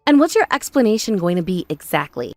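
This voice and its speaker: A woman voicing a patient young bride in an animated story, calm, earnest and reasoning. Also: lowish voice, quick pace, no room sound, soft background music.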